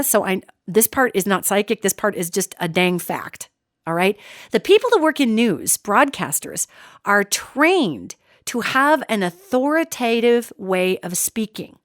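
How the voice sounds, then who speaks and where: A middle-aged woman delivers a solo podcast monologue, animated and emphatic. Her voice sits a little high and swoops widely in pitch. The sound is dry and close, with no room echo. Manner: animated, emphatic, addresses listeners as "gang". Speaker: podcast host.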